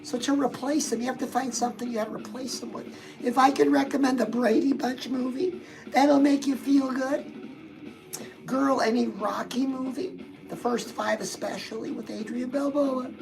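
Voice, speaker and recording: A woman's voice: high-pitched, fairly even intonation, moderate pace, gravelly, music in the background, rough recording. A woman hosting a casual motivational live stream, chatting straight to her viewers and reading out their comments.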